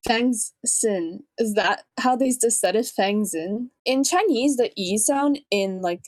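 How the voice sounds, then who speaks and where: A young woman with a somewhat high voice hosts a comedic reaction video in a playful, sarcastic way. She keeps stopping to correct pronunciations. Her voice sounds dry and close, with no room around it. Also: animated, a little slow, darkish tone, dry recording. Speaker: reaction channel host.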